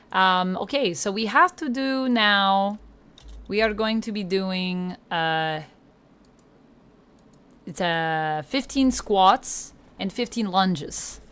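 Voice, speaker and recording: A woman's voice: mid-range voice, fairly bright tone, clean tone. A woman streamer chatting casually on a livestream, thinking aloud and asking herself questions as she goes.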